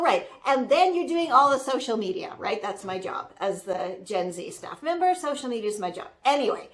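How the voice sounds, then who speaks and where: Woman putting on a sassy Gen Z girl. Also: sits high. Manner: filler-heavy, exasperated ranting. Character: sassy young Gen Z woman social media manager. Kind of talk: comic character rant.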